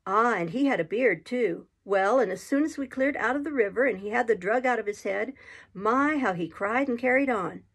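A woman's voice: on the high side, moderate pace, fairly bright tone, breathy edge. A woman voicing a boastful, half-witted young male cabin boy with a bragging swagger.

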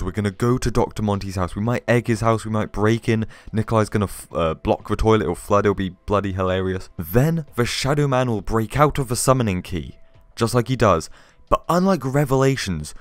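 A young man with a low-set voice rambles excitedly through a gaming theory video, swearing casually as he goes. Illness has left his voice worn and rough. Faint music plays underneath him. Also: no echo. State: ill, voice worn.

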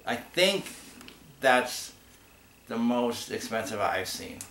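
A man's voice: mid-range voice, very animated, slow, vocal fry, fairly bright tone. A man co-hosting a casual online show, chatting and telling rambling stories as he answers viewer questions. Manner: rambling, chatty storyteller with restarts. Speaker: podcast co-host. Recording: echoey room with faint hiss.

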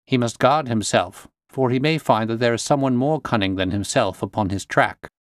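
A man voicing a brisk, sharp-minded gentleman detective, crisp and commanding in manner. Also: medium pitch, no room sound, clean studio sound, lightly acted.

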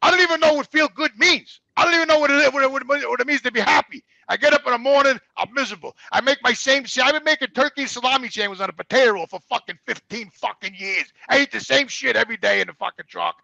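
A man's voice: extremely high pitch, quick pace, gravelly, hardly any pauses, pushed and bright, no echo, dull audio. A middle-aged man, a truck driver, telling long blunt stories with constant swearing in a rambling, casual way. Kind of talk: casual storytelling.

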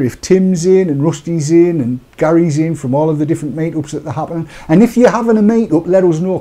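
A man co-hosting a live-streamed talk show, chatty and joking with asides. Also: on the high side. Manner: jokey, chatty, animated asides. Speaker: co-host of a vaping talk show. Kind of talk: casual live-stream chat.

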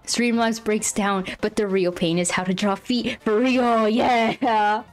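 Drawing during a live stream, a young woman addresses her chat in a mid-range voice with fairly even intonation and normal pacing. She sounds flustered and keeps apologizing, often breaking into laughter and exclamations, with soft music in the background.

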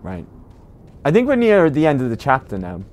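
A man's voice: mid-range voice, huge pitch swings, normal speed, darkish tone. A man with a British accent, chatting casually to viewers while livestreaming a game, rambling with lots of ums and uhs. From Britain. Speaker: game streamer.

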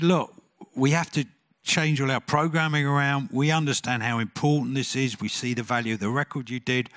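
An older man, a concert promoter telling lively anecdotes on a conference stage and acting out the people he quotes. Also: medium pitch. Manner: animated anecdote-telling, acts out quotes, laughs at own story.

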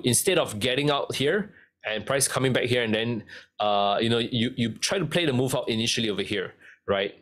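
A man's voice: mid-range voice, fairly bright tone. A man explaining trading in a casual, conversational lesson, often checking in with the listener. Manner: conversational, keeps asking "right?". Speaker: trading instructor.

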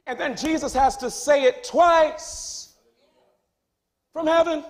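Gravelly high-voiced pastor preaching. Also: male voice, slow pace. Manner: swings from hushed to loud, high-pitched exclamations. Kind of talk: sermon. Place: church sanctuary.

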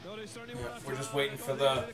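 A man's voice: mid-range voice, normal speed, roomy sound. A man hosting a podcast, sarcastically riffing on a wrestling video. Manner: sarcastic, animated. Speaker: podcast host. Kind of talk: mocking riff commentary.

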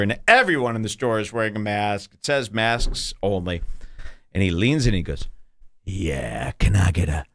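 Animated, swearing male podcast host. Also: medium pitch, no echo, clean studio sound. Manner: animated rambling storytelling, swears freely. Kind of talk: casual chat.

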